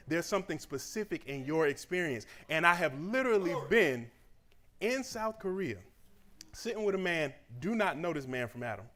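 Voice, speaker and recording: A man speaking in a slightly higher-than-usual voice. He delivers a motivational graduation address in an animated, conversational way and acts out the voices of people he quotes. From Southeast Georgia, USA. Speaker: speaker at a church graduation celebration. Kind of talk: motivational speech.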